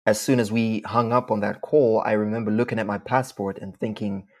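With a fairly low pitch, a steady tone and a darkish timbre, a man from Zimbabwe answers interview questions. He's a speech contest champion whose responses are measured, articulate and formally phrased.

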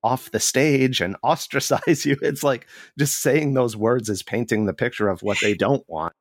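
A man's voice: mid-range voice, moderate pace, no room sound. A man with a mid-range voice hosts an interview, nudging his guest along with short, agreeable replies. The recording is close and dry, with no room around him. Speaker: interview host. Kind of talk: casual interview chat.

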